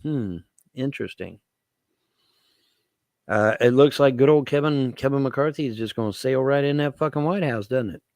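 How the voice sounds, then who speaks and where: A man's voice: medium pitch, moderate pace, long pauses, darkish tone, no echo. A man ranting to his viewers as a vlogger, swearing, repeating himself and asking rhetorical questions. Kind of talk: rambling political rant to camera.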